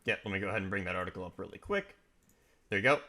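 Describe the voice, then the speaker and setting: Easygoing, bright-voiced man co-host. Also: low voice, expressive, rapid-fire. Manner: easygoing and agreeable. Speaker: podcast co-host. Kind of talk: casual commentary chat, reading articles aloud.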